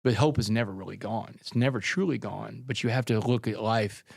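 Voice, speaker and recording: A man's voice: lowish voice, fairly quick, vocal fry, breathy edge, no echo, clean studio sound. A man who is a guest author, telling his life story in an earnest, conversational way in an interview. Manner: earnest, conversational, calls people man and brother.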